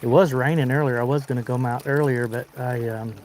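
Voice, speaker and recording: A man's voice: medium pitch, steady tone, brisk, darkish tone, a little hiss or hum. Southern American male fishing host, easygoing and talkative, live outdoors with a faint river wash behind him. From Arkansas, United States. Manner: chatty, reads out viewer comments while fishing. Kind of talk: casual live-stream chat. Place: outdoors wading in a river under a bridge.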